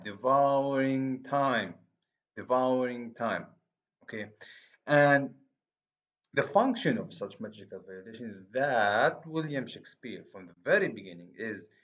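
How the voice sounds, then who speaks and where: A man giving a recorded university lecture, who talks haltingly, restarts often and checks in with "okay?". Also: medium pitch, dull audio.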